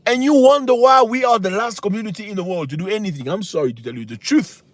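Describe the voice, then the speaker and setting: A man's voice: high-pitched, expressive, quick pace, no room sound. A man hosting a livestream, talking in an impassioned, preachy way with many rhetorical questions. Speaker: channel host. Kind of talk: livestream talk.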